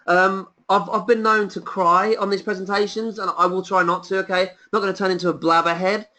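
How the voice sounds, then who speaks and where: High-voiced man pitching a webinar offer. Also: flat delivery, fairly quick, few pauses, pushed and bright. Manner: enthusiastic, persuasive, repeats rhetorical questions. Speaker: webinar presenter.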